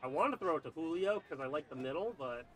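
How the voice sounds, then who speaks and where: A man's voice: a little high, quick pace. A young man commentating his own football video game, muttering play calls and then erupting in frustration. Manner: excitable, swings from muttered play-calling to loud outbursts. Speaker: gaming YouTuber.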